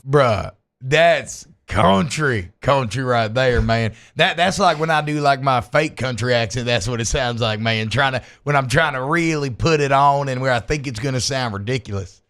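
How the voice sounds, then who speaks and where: A man's voice: medium pitch, normal speed, a bit bright, clean tone. A man co-hosting a sports radio show, bantering loosely and joking with slang. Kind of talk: casual sports talk.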